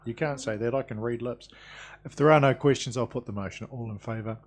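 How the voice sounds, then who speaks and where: Brisk New man chairing a meeting. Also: medium pitch. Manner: brisk and procedural, with dry quips. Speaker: council committee chair. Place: council chamber.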